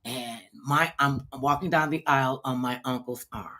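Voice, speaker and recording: Husky animated storytelling woman. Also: extremely low pitch, moderate pace. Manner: animated storyteller, acts out quotes. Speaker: talk show host. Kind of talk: casual storytelling chat.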